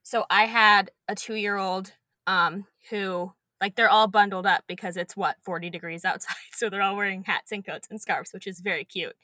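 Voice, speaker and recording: Animated young woman with a bright voice. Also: mid-range voice, moderate pace, no echo. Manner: animated storyteller, swears casually. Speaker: guest, preschool teacher. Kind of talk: casual podcast chat.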